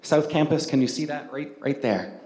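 A man's voice: fairly high pitch, normal speed, a little mellow, reverberant. A man preaching a sermon as the pastor, telling a self-mocking story in a casual, humorous, conversational way.

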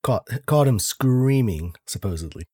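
A man with a warm, mellow voice chats easily on a podcast, laid-back and slangy. The recording is dry and close. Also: medium pitch, expressive, measured pace, slightly rough, no echo. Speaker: podcast co-host. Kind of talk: casual podcast chat.

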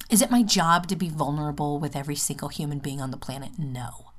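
A woman with a low, deep voice talks to her podcast listeners from home. She speaks earnestly and from the heart, wandering through her thoughts with fillers and restarts. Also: moderate pace. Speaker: podcast host. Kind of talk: personal monologue. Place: home, just out of the bath.

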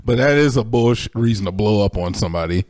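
A man's voice: fairly low pitch, lively intonation, fast, darkish tone, no echo. Joking podcast co-host man, dry sound. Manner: joking, teasing, laughs a lot. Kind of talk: casual podcast chat.

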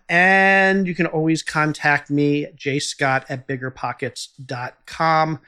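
A man's voice: fairly high pitch, fairly even intonation, takes it slowly, few pauses, pushed and bright, clear, resonant tone. A man who hosts a podcast, answering interview questions in an earnest, advice-giving way with small restarts. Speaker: podcast host and entrepreneur.

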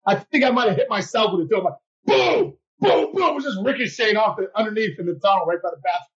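A man co-hosting a casual podcast, telling stories in a lively, laughing way. His voice sits high for a man. The sound is dull and lo-fi. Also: rapid-fire. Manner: animated, laughing, acts out his own reactions. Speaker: podcast co-host, former player. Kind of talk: casual storytelling chat.

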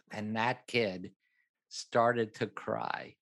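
Older male director, guest storyteller, bright and forceful delivery, acts out the dialogue. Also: mid-range voice, a little slow. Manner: animated, acts out other people's lines, laughs at his own story. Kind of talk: anecdotal storytelling in an interview.

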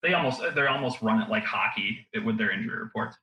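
A man talking as a guest analyst on a casual sports podcast, wry and quick to laugh. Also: on the low side, pushed and bright, echoey room, low-quality recording.

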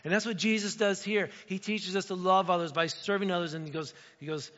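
A man's voice: sits high, steady tone, a little fast, fairly bright tone. A man preaching a sermon as a pastor, talking in a conversational way with frequent "right?" asides to the congregation. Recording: echoey hall, dull lo-fi sound.

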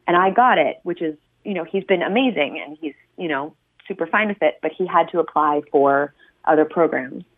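A woman's voice: low-pitched, fairly quick. A young woman calling in to a radio advice show, speaking hesitantly with lots of ums. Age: young adult. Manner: hesitant, many ums, nervous laughs. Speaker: caller. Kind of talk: phone-in caller telling her story. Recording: tinny phone line.

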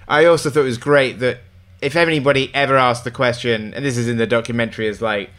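A man's voice: medium pitch, a bit bright. A man with an English accent, a film director guest, curious and enthusiastic in casual interview talk.

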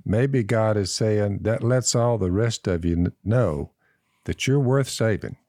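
A man's voice: fairly low pitch, unhurried, warm tone, no echo, studio quality. A man co-hosting a casual faith podcast, speaking in blunt, folksy phrasing. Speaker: podcast co-host.

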